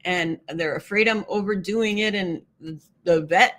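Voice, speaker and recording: A woman's voice: on the low side, measured pace, a bit bright. A woman hosting a casual live stream, chatting with viewers, often laughing and reading their comments aloud.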